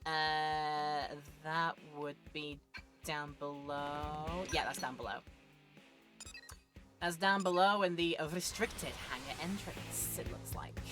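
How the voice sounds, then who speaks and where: A woman's voice: low-pitched, slow pace, a bit bright, soft background music. A woman streamer chatting casually and joking while playing a video game. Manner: chatty, jokey, thinks aloud. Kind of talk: casual let's-play commentary.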